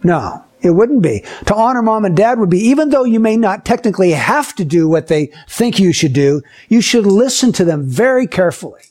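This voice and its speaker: Male Bible teacher, high voice, talks to kids and acts out little scenes as examples. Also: sing-song, fairly quick, hardly any pauses, a little mellow. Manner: asks the listeners questions and acts out short scenes. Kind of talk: Bible lesson for children.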